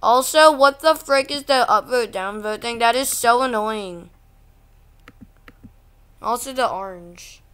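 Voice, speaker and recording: A woman talking through a casual vlog, ranting and easily exasperated at what she sees. Her voice is bright and a bit high, and her delivery is unhurried and drawn out. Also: smooth. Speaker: channel host.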